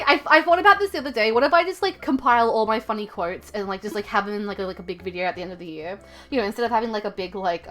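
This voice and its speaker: A woman's voice: medium pitch, pushed and bright. Woman, casual stream chatter, rambling, profane, faint background music. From Australia. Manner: rambling, frequent "like" and "um", swears freely. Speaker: live streamer. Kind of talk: casual live-stream chat.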